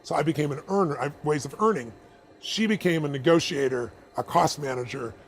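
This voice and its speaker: A middle-aged man telling stories in an interview, animated and acting out the people he quotes. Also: fairly quick. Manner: animated, acts out quoted people in high voices. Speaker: guest. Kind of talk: storytelling in a conversation.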